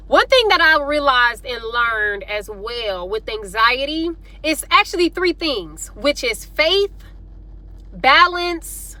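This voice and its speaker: A young woman talks straight to her viewers, chatty and informal as she shares faith-based advice. Her voice sits high and sounds bright and sharp. The recording is dry and close, with no room sound. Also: no room sound. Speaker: vlogger. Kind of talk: casual faith-based advice talk to camera.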